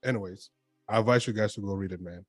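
Relaxed rambling man, faint music behind. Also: fairly low pitch, fast, no room sound, studio quality. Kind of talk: casual group chat.

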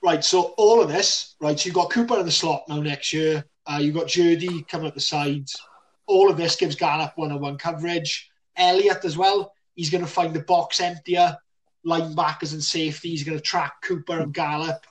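A man co-hosting a casual sports podcast, excitable and full of banter, laughing often. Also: fairly high pitch, normal speed, far from the mic. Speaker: podcast co-host.

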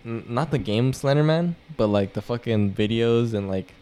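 A man's voice: medium pitch, animated, normal speed, mellow, clear, resonant tone. A young man in casual chat as a podcast co-host, loose and joking, swearing a lot and laughing often.

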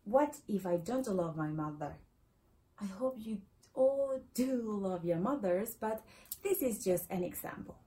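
Slow, mellow-voiced Latin American woman teacher. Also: mid-range voice, lively intonation, poor audio. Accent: Latin American Spanish. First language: Spanish. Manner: patient, repeats words slowly for learners. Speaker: Spanish teacher. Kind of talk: explaining a language lesson.

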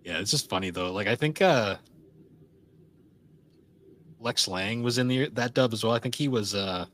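A man's voice: on the low side, moderate pace, a bit bright, a little hiss or hum. A man co-hosting a podcast in casual chat, rambling with lots of fillers and laughing often. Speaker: podcast co-host.

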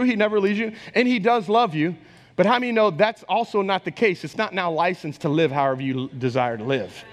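High-voiced pastor preaching in a reverberant hall. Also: male voice. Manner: conversational, animated, acts out quoted voices. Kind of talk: sermon.

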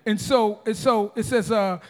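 A man in his forties delivers a sermon in a fairly high voice, pressing his points with repeated restarts and calls to the congregation. His words ring out with a long reverb through a large church sanctuary. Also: moderate pace, a little mellow. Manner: emphatic preaching with repeated restarts and audience calls. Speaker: pastor.

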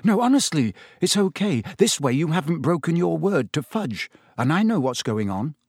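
A man's voice: on the high side, big pitch swings, moderate pace, a little mellow, breathy edge, no room sound, clean studio sound, pitched above the performer's own voice, heavily acted. A man voicing a sincere teenage boy wizard who reassures earnestly in a storybook reading.

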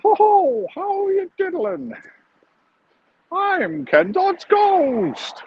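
High cheeky ghost of an old comedian, sing-song showman patter, dull lo-fi sound, faint street noise. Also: wildly swooping pitch, drawn-out words, full character voice. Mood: gleeful, cheeky. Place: outdoors, walking along a street.

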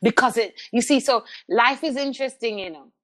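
A middle-aged woman, a guest telling personal stories in an interview, animated and repeating words as she restarts sentences. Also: fairly high pitch, a little fast. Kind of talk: candid conversational interview.

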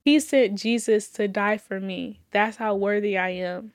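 In clean studio sound with no room noise, a woman with a steady, medium-pitched voice tells her faith testimony at an unhurried pace. Fervent yet casual, she addresses everyone as y'all, repeats herself, laughs between lines, and fights back tears.

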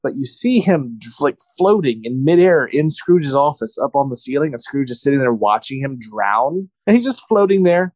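A man co-hosts a casual podcast, retelling a film in an exasperated rant. His voice sits a little high. The sound is dry and close. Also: lively intonation, moderate pace, dry recording. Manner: exasperated, ranting retelling with mocking quoted voices. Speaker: podcast co-host.

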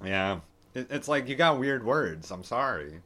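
A man's voice: mid-range voice, very animated, a little slow, a bit bright. A man in his twenties from the United States, co-hosting a casual podcast and chatting in a joking, rambling way with fillers. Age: 20s. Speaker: podcast co-host. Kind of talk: casual chat.

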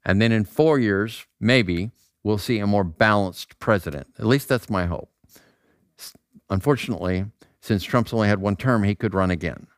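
A man's voice: fairly low pitch, normal speed, no echo, clean studio sound. A man preaching a casual, conversational sermon, asking rhetorical questions and acting out voices. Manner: animated, acts out voices, asks rhetorical questions. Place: outdoor square.

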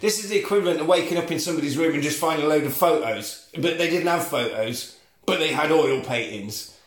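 A man's voice: on the high side, fast. A man comically retelling a film plot, swearing and acting out the characters. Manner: animated storytelling, swears, acts out characters. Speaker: podcast host. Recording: roomy echo.

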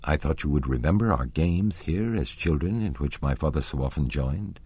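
A man's voice: extremely low pitch, lively intonation, normal speed, a little mellow, husky, exaggerated voice. A man voicing a frail, secretive young woman singer in an audiobook reading, with cold, guarded replies. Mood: wistful.

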